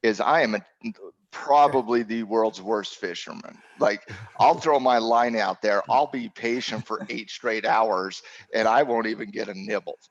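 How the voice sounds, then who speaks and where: A man's voice: lowish voice, a little slow, dull audio. A man cohosting a casual trading chat, joking and teasing the others. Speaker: trading coach.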